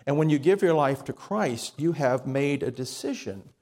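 A man's voice: medium pitch, lively intonation, normal speed, darkish tone. A man preaching a sermon, telling a story in a folksy way and acting out its dialogue with frequent restarts.

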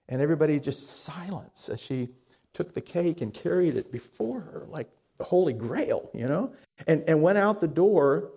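A man's voice: on the high side, expressive, normal speed, mellow, husky. A man preaching a sermon, telling a story in a folksy way and acting out its dialogue with frequent restarts.

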